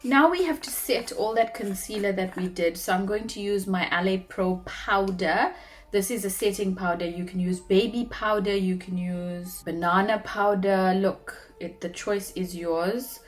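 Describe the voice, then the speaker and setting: A woman's voice: mid-range voice, a little slow. Chatty South African woman vlogger. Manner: chatty, animated, drops into soft asides. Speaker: beauty vlogger. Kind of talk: casual makeup tutorial chat.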